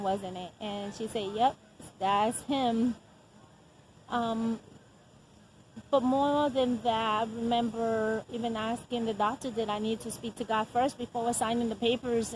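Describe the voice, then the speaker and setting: A middle-aged woman telling a personal faith testimony as a mother, earnest and unhurried, often pausing with soft laughs. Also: fairly high pitch, a little hiss or hum, rough recording. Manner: earnest, frequent soft laughs and hesitant "um" pauses.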